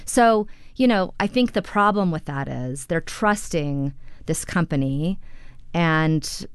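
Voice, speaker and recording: A woman's voice: low voice, animated, takes it slowly, clear, resonant tone, dry recording, clean studio sound. A woman reporter explaining her story in a conversational radio interview, with frequent "you know" fillers.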